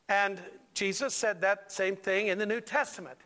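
Preacher guy in church, high bright voice, jokey and emphatic, repeats stuff for effect. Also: moderate pace, few pauses. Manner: animated, joking preacher, emphatic repetitions. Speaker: pastor. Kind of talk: sermon.

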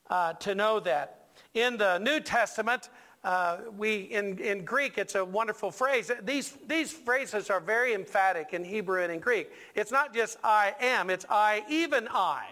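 High, bright-voiced joking preacher man. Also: measured pace. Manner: animated, joking preacher, emphatic repetitions. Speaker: pastor. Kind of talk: sermon. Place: church.

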